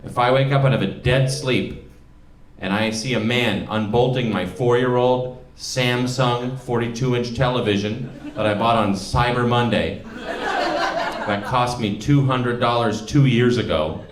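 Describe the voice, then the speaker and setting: A man doing a stand-up set, rambling and self-deprecating, building to loud rants. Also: medium pitch, steady tone, a little slow, slight background noise. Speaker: stand-up comedian. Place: comedy club stage. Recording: roomy club sound from far off. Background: audience laughter.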